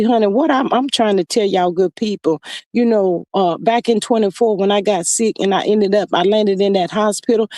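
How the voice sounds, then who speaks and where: A woman's voice: mid-range voice, a little mellow, dry recording, clean studio sound. A woman hosting a live stream, talking animatedly to her viewers in a preachy call-out style.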